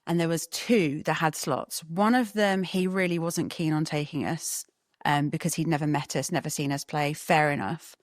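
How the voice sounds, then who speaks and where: A woman guest chatting casually in an interview, an animated storyteller who laughs often. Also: low-pitched, moderate pace, dry recording, clean studio sound. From England.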